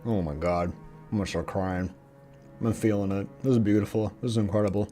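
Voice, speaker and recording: A man doing let's play commentary, excitable, swearing often and reading game text aloud. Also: on the low side, a little fast, faint music behind. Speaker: gaming streamer.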